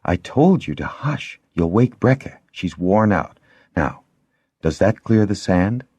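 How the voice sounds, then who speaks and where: A man putting on a soft, firm young healer woman. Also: low voice, lively intonation, slow, husky, no echo, pitched above the performer's own voice, exaggerated voice. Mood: chiding. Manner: soft, gently reproachful.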